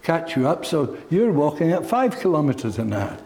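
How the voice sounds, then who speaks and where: A man's voice: fairly high pitch, big pitch swings, moderate pace, darkish tone, slight background noise. A man preaching a sermon, telling stories in an earnest, heartfelt way.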